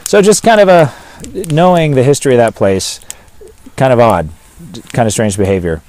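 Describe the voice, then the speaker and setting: A man's voice: mid-range voice, big pitch swings, normal speed, darkish tone. A man with a Pacific Northwest American accent telling a story in an interview, rambling and hesitant, with many fillers and restarts. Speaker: pastor and witness.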